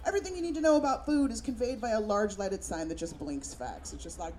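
A woman's voice: fairly high pitch, big pitch swings, a little fast, a little mellow. Brash, profane woman comedian. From San Francisco, USA. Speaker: stand-up comedian. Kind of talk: stand-up comedy set. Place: comedy club stage. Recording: live club with audience.

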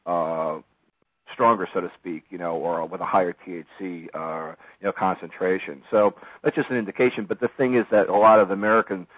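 A man with a lowish voice chats loosely on a radio show, piling up fillers as he goes. The sound is dull and muffled. It is also dry and close. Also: a little fast, dry recording. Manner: rambling, many fillers, animated retelling. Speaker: guest film commentator. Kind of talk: casual radio chat.

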